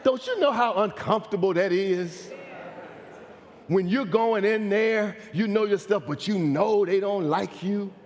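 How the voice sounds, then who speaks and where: A man preaching a sermon as pastor, moving between quiet personal storytelling and shouted declarations. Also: sits high, measured pace, in a large hall. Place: large church sanctuary.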